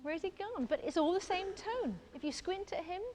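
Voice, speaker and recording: A woman with a high voice paints in front of an audience at an exhibition. She chats enthusiastically and thinks aloud as she works. A faint hum of room ambience sits behind her. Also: lively intonation, moderate pace, a little mellow. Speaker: artist giving a painting demonstration. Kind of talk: live painting demonstration. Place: exhibition space, indoors.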